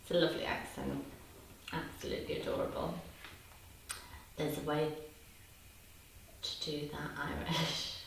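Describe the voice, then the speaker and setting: Woman in her 50s, low voice, live-chat host who reads out comments and laughs a lot; distant mic in an echoey room with faint hiss. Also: flat delivery, a little slow, creaky, long pauses. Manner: chatty, laughs often, answers comments warmly. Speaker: livestream host. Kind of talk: casual livestream chat reading viewer comments.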